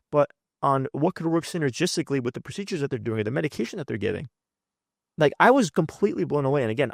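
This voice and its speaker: Late-20s male vlogger: low gravelly voice, dry close sound, animated, rambling storytelling. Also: no echo. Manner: animated, rambling, heavy use of "like". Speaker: health coach and channel host. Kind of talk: casual personal storytelling.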